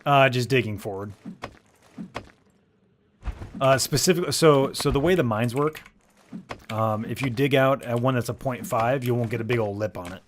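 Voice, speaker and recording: A man's voice: mid-range voice, normal speed, pauses often, slight background noise. A man hosting a game stream, chatting with friends on voice chat and explaining what to do, laughing often. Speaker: stream host and game player. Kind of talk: casual gaming chat.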